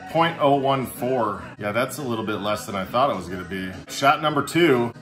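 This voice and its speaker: A man's voice: mid-range voice, animated, normal speed, over music. A young man hosting a casual vlog, talking to the camera in a chatty, upbeat, joking way. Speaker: vlogger testing drinks on a breathalyzer.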